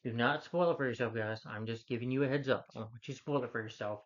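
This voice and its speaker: A man's voice: mid-range voice, fast. Rambling male movie reviewer, lo-fi sound. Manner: rambling, repetitive plot recap with restarts. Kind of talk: casual spoken film review. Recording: slightly dull, lo-fi recording.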